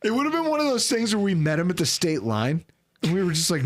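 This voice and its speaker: A man's voice: high voice, wildly swooping pitch, fast talker. A man hosting a sports podcast in a studio, ranting sarcastically. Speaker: podcast host.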